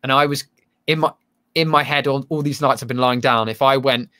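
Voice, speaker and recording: Rambling actor, bright voice. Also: male voice, mid-range voice, fairly quick. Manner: rambling, self-deprecating, many restarts. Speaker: actor guest. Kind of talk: casual interview chat.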